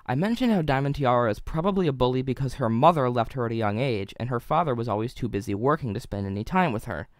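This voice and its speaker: A man's voice: medium pitch, expressive, fast talker, few pauses, no echo, clean studio sound. A young man narrating a scripted video review in an analytical way, with wry asides.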